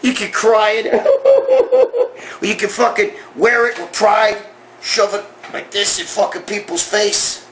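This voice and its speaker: High, animated swearing man ranting. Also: slow, a little hiss or hum. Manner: loud, swearing, bursts of shouting. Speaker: host. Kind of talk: profane comic rant to camera.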